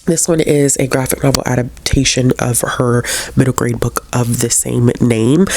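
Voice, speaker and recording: Congested woman with a gravelly voice. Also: a bass voice. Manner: chatty and earnest, with frequent fillers and restarts. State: congested from a cold. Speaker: book vlogger. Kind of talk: casual reading vlog chat.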